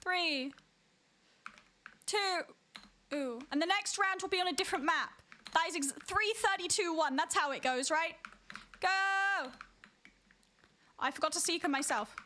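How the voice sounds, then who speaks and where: A woman's voice: high-pitched, moderate pace, pauses often, bright, forceful tone, slight background noise. A woman streaming a game live, chatting and giving running commentary to other players. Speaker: streamer hosting a hide and seek game. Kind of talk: casual livestream chat while gaming.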